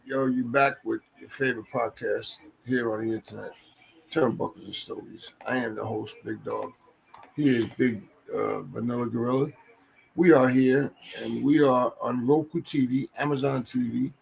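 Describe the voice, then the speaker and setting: A man hosting a podcast in casual chat, loud, boisterous and profane. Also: medium pitch, moderate pace, gravelly, slightly rough, low-quality recording. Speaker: podcast host.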